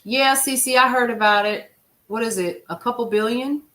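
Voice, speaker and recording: Female stream host, bright tone, casual, talks straight to the chat. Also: fairly high pitch, moderate pace. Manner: emphatic, conversational, addresses viewers as "y'all". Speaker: livestream news show host. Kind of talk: casual livestream chat, answering viewer comments.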